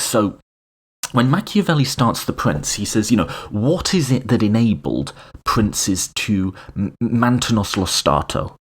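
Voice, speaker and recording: A man hosting a podcast, giving an informal, animated lecture full of asides and restarts. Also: fairly low pitch, breathy edge. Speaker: podcast host. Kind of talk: casual lecture on political philosophy.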